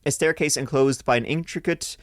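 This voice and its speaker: A man's voice: medium pitch, fairly quick, no room sound, studio quality. A man hosting a podcast, reading listener stories aloud and breaking in with crude jokes. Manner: crude joking asides between read passages. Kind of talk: casual podcast banter while reading aloud.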